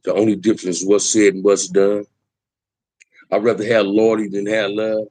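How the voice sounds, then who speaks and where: Husky man preaching with street emphasis. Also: fairly low pitch, flat delivery, normal speed, a little mellow, no room sound, low-quality recording. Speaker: livestream host. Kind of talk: impassioned livestream talk.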